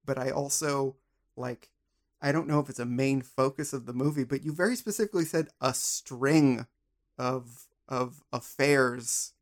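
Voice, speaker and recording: A man's voice: medium pitch, a little slow. A man hosting a casual podcast conversation, musing in a rambling, playful way. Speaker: podcast host.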